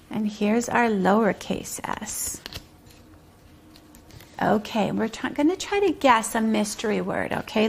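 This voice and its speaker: A woman teaching a preschool circle-time lesson, speaking in a slow sing-song way and stretching out rhymes and syllables. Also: a little high, vocal fry, a little hiss or hum.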